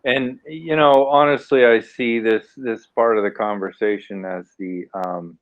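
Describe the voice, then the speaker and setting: An American man speaking as a panelist in a casual live discussion, animated and acting out little scenarios as he talks. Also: fairly low pitch, a little slow, no room sound. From United States. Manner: animated, acts out mock scenarios, laughs. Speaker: AMA panelist. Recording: tinny phone-like line, dry.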